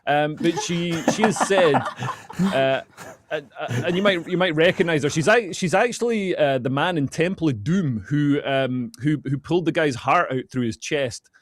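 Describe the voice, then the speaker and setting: A man guesting on a talk radio show as a comedian, with a sardonic, quick comic delivery. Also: a little high. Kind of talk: casual talk radio chat.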